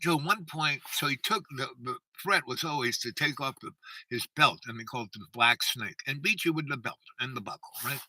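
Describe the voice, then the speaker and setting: A man's voice: medium pitch, brisk, pushed and bright, no echo, far from the mic, low-quality recording. A man telling a long personal story in a meandering, self-interrupting way and acting out the people he quotes. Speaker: channel host.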